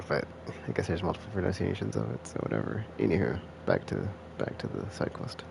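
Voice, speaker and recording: A man's voice: deep voice, big pitch swings, quick pace, gravelly, few pauses, background noise. A man streaming a game and chatting casually between scenes, rambling and correcting himself as he goes. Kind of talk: casual commentary.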